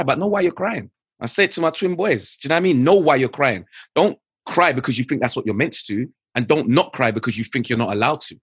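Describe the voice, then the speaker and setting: An earnest man talks frankly in an interview, circling back to the same phrases to drive a point home. His voice is husky and slightly breathy at a middle pitch. The recording is close and dry, with no room around it. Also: no room sound. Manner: earnest, reflective, repeats key phrases for emphasis. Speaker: guest, father. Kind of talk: candid conversational interview.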